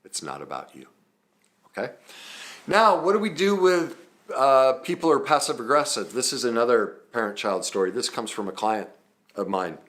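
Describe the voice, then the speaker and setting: A man's voice: medium pitch, sing-song, normal speed, fairly bright tone. A man, a trauma recovery coach, teaching through personal stories in an earnest, conversational way with frequent ums and self-corrections.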